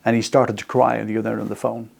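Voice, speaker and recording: A man's voice: on the low side, little pitch movement, rapid-fire, vocal fry, a little mellow. A man in his sixties hosting a radio faith talk, earnest and personal, speaking in short repeated phrases. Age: 60s. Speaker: radio host. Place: radio studio.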